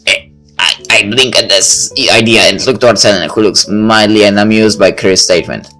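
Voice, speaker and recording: Low-voiced man reading a visual novel. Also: a little fast, pushed and bright, soft background music. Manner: casual asides between narration. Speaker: let's play reader.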